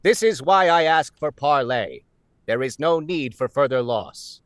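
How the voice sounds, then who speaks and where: A man's voice: fairly high pitch, lively intonation, a little slow, a bit bright, no echo. A man voicing a formal male alien admiral in a game, speaking in a stiff, stately way.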